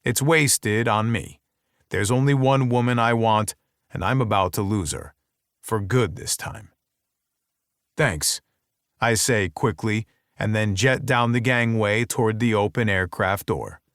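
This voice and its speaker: A man with a fairly low voice reads a first-person romance audiobook, close to a studio mic in a dry, dead room. His delivery is wry and intimate, like private inner monologue. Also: measured pace, a bit bright, clear, resonant tone, no echo. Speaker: audiobook narrator.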